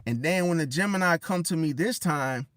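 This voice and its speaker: A man giving casual relationship advice straight to the listener, slangy, calling them bro and swinging between loud and hushed. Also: on the high side, normal speed, no room sound, studio quality. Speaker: zodiac relationship commentator. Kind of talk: casual direct-to-camera advice rant.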